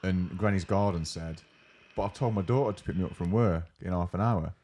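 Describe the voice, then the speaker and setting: A man's voice: sits low, brisk, warm tone. A young man co-hosting a casual podcast, animatedly acting out coworkers' lines and swearing freely. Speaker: podcast co-host. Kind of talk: casual chat.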